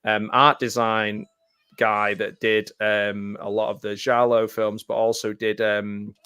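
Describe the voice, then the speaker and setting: A man's voice: on the low side, flat delivery, bright, forceful tone, smooth. Man sharing film trivia with ums. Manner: shares trivia, halting with ums and giggles. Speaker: podcast host. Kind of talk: casual film commentary.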